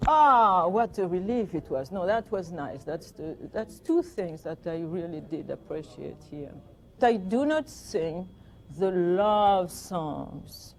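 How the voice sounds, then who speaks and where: An older woman from France with a French accent, chatting in an interview and telling anecdotes with gentle amusement. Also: fairly low pitch, expressive, slow. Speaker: guest, performer. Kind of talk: reminiscing interview.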